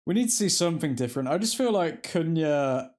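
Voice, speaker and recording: A man's voice: a little high, expressive, fairly quick, darkish tone. A man hosting a live football watchalong, reacting to the play as it happens and chatting with his viewers. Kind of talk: live match commentary and fan chat.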